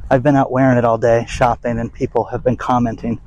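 A man's voice: mid-range voice, little pitch movement, fast, a little mellow, a little hiss or hum, poor audio. An older man ranting bluntly and emphatically to his audience in a rambling vlog. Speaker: vlog host. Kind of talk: casual rant to camera.

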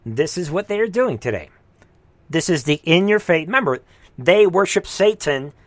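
Guy ranting on a live reaction stream, mocking, kinda high voice, dry. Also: expressive, moderate pace, no room sound. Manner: heated, scornful, mocking asides. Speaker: political commentary host. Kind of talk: livestream reaction commentary.

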